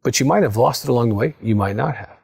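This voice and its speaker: Husky-voiced man giving earnest counseling advice. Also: medium pitch, quick pace, darkish tone. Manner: earnest, coaching, many "okay?" check-ins. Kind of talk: direct-to-camera advice talk.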